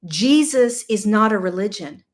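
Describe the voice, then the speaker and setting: Woman host, middle-aged, animated and candid storytelling, chatty asides. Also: medium pitch, measured pace. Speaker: podcast host. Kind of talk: personal storytelling.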